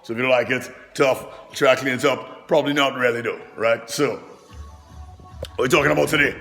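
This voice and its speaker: Loud, animated, profane male trainer. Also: mid-range voice, long reverb tail. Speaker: personal trainer and vlogger. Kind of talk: loud casual monologue to camera. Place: fitness gym.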